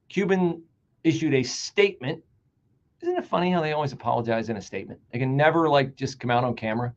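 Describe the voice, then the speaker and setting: A man hosting a political talk show, delivering an animated, sarcastic and emphatic monologue. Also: mid-range voice, fast. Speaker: radio talk show host. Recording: dull lo-fi sound.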